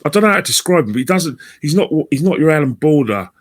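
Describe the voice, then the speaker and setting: A man's voice: a little high, very animated, fast. A man talking as a podcast guest, rambling and chatty with many restarts. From England. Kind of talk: casual podcast chat.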